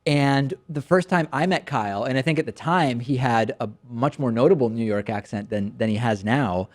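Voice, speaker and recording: A male talk show host answers viewer questions in a relaxed, chatty way. His voice sits at a middle pitch, and he tells stories with lively restarts. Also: normal speed. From Massachusetts. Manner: conversational, animated storytelling with frequent restarts.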